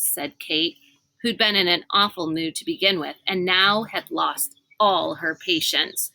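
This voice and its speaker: Bright-voiced woman reading a story aloud. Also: lowish voice, normal speed, rough recording. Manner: expressive, changes voice for characters. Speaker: read-aloud narrator. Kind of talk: reading a children's novel aloud.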